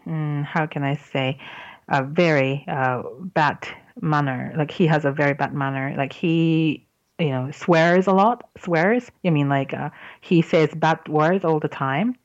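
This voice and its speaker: A woman's voice: deep voice, measured pace, no echo, lo-fi sound. A woman hosting a podcast who tells a joke in casual chat, laughing often and stopping to explain words. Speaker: podcast host.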